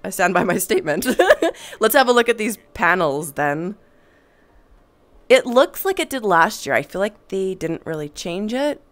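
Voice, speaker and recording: A woman's voice: medium pitch, very animated, normal speed. A young woman hosting a gaming stream, chatting casually, laughing often and reading chat aloud over a headset mic. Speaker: streamer host.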